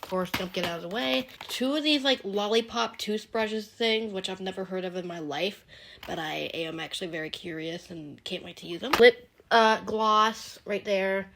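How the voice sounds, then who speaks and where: A woman's voice: medium pitch, moderate pace, creaky, a bit bright, slight background noise. A young woman, chatting casually while showing off her Christmas gifts, her voice a little worn from being sick. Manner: chatty, rambling, giggly. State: partly lost voice from being sick. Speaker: vlogger. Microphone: handheld phone, no tripod.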